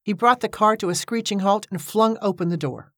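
A woman narrating an audiobook in a steady, measured storytelling manner, recorded on a close microphone. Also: medium pitch, no room sound.

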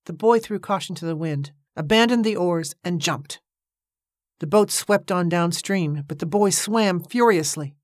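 A woman narrating an audiobook in a steady, measured storytelling manner, recorded on a close microphone. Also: fairly low pitch, no room sound.

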